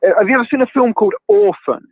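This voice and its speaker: A man's voice: sits high, racing, slightly rough, dry recording. Man ranting over a tinny line. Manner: ranting, opinionated. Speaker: chat guest. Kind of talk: casual chat. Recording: tinny dry phone-like line.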